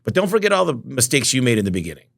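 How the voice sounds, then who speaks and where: A man telling business stories as a podcast guest, emphatic and energetic, often acting out both sides of conversations. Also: mid-range voice, very fast, gravelly. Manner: energetic, emphatic, acts out quoted dialogue. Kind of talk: storytelling interview talk.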